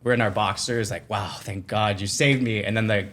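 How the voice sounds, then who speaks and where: A man guesting on a podcast, telling a personal story in a casual, animated way, full of "like" fillers and acted-out quotes. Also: lowish voice, moderate pace. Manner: animated, acts out quoted voices, many "like" fillers.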